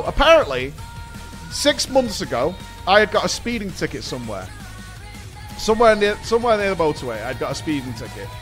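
A young British man, a streamer, casually telling a story to his chat, animated, swearing and laughing at himself. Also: high voice.

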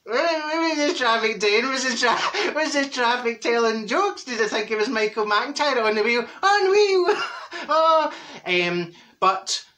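Man doing a cheeky older Glasgow woman, Glaswegian accent, high-pitched, bright and piercing, gossipy storytelling, comic monologue. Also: lively intonation, a little slow, exaggerated voice. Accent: Glaswegian Scottish. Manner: gossipy storytelling, mimics neighbours, cackles at own jokes.

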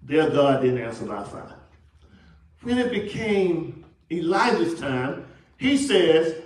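Slightly high and sing-song, this Texas pastor's voice moves slowly with frequent pauses during a sermon in an echoey sanctuary, heard from a distance. He leads the congregation in call-and-response, asking questions and acting out the people in his story, in Southern American style.

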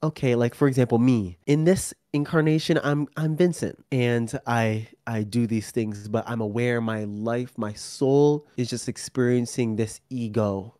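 A man's voice: mid-range voice, fairly even intonation, unhurried, few pauses, mellow, no echo, clean studio sound. A man talking casually as a podcast guest, rambling and acting out his own quoted remarks in a small room. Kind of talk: casual interview talk.

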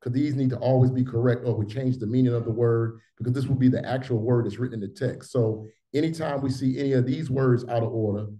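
A man teaching an online language class, explaining in a steady flow. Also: mid-range voice, quick pace, few pauses.

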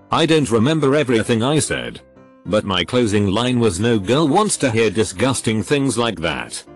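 A man reading stories aloud as a narrator, speaking in a lively voice with flat asides. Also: fairly low pitch.

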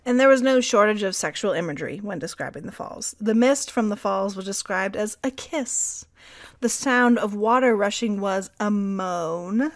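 A woman's voice: medium pitch, moderate pace, no echo, studio quality. A woman co-hosting a history podcast, reading research aloud and joking in wry asides. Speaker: podcast co-host.

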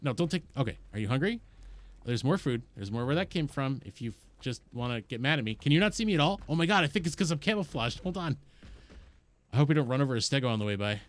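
A man streaming a game live while high, giving excitable, rambling commentary, swearing and talking to the creatures and his chat. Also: fast talker.

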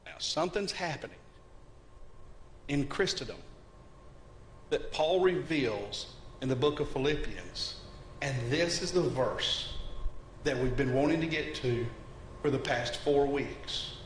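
A man preaching a sermon, animated and conversational, asking his congregation questions as he teaches. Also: medium pitch, a little slow, long pauses, slight background noise. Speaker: pastor.

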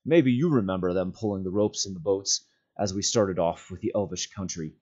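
A man doing a loyal, excitable hobbit servant. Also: deep voice, normal speed. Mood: calm. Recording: dull lo-fi sound.

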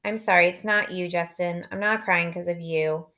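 A tearful teenage girl, sobbing and upset, as a woman reading the book puts her on. Her voice sits a touch higher and lower in tone than most women's, and she talks through her crying. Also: fairly even intonation, normal speed, sharp tone. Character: teenage girl, emotional, tearful older sister. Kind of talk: audiobook reading.

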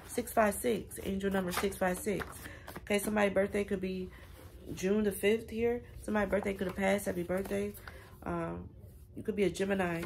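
A woman's voice: medium pitch, fairly even intonation, brisk, gravelly, a little mellow, slight background noise. A woman giving a casual spiritual reading, chatty and affirming, speaking straight to her viewers. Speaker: tarot reader.

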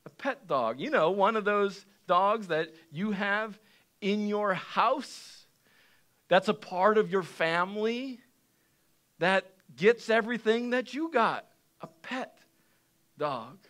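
A young adult man preaching a sermon as pastor, telling stories animatedly and swinging between quiet passages and shouted lines. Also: sits high, expressive, slow pace. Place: church sanctuary.

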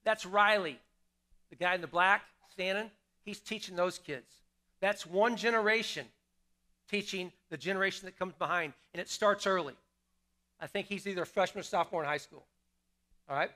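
A middle-aged male pastor preaching in a church, with a fairly high voice for a man. His tone is bright and forward. He keeps it conversational, putting questions to the congregation and repeating his key lines. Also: normal speed, long pauses. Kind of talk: sermon. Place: church sanctuary.

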